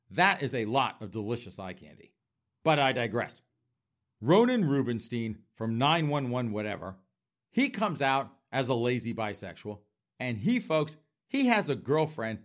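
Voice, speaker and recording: A man's voice: medium pitch, fairly bright tone. A man in a campy, flamboyant comedic rant, mock-indignant, talking straight to his audience with laughing asides. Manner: frequent laughing asides and direct audience address. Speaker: comedic commentator host.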